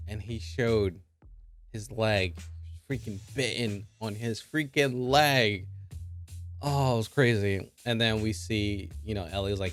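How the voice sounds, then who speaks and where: Excitable low-voiced man recapping an episode. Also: unhurried, faint music behind. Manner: excitable, heavy filler words. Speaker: show reviewer.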